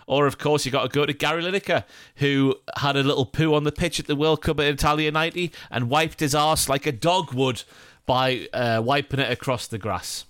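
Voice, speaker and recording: A man's voice: a little high, fairly even intonation, fairly quick, a bit bright, clean tone, no echo, clean studio sound. A man co-hosting a casual football podcast, joking and reading out listener mail with playful asides. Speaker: podcast co-host.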